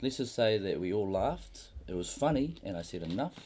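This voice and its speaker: A middle-aged New man hosting a casual podcast, his voice sitting fairly low yet bouncing all over the place as he acts out little scenes. He swears freely and throws himself into the quotes. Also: normal speed, a little hiss or hum. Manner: animated storyteller acting out quotes, swearing. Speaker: podcast host. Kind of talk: casual chat.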